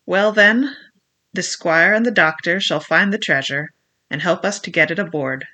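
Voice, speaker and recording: A reader doing Long John Silver, gruff scheming pirate. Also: mid-range voice, normal speed, pushed and bright. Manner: gruff, persuasive, menacing. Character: ruthless scheming old male pirate cook. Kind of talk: audiobook reading.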